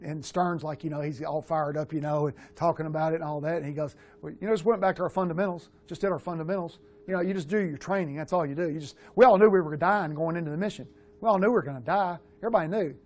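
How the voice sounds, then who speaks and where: Man, quarterback coach, middle-aged, slightly high voice, blunt, animated, casual swearing, film breakdown. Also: fast.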